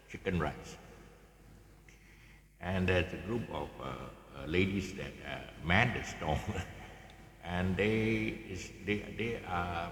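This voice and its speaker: A very low-voiced man with a Malaysian English accent chats his way through a guitar lesson, his pitch swinging widely. He halts, restarts and chuckles often. The sound rings with a long echoey reverb over faint background ambience. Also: bright, forceful tone, a little hiss or hum. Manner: halting, many fillers and restarts, chuckles often. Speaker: guitar teacher. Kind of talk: casual rambling tutorial chat. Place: outdoors, in the open.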